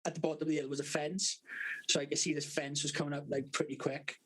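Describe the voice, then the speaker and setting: Husky, swearing man from South Wales. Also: on the high side, little pitch movement, fast, a bit bright. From South Wales valleys. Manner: swears constantly, laughs through his stories. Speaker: podcast co-host. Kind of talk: casual storytelling among friends.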